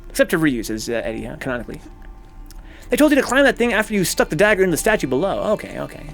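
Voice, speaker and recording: Animated, swearing gaming streamer man. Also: high-pitched, very fast, vocal fry, faint music behind. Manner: animated, profane, rambling rants. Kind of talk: casual let's-play commentary.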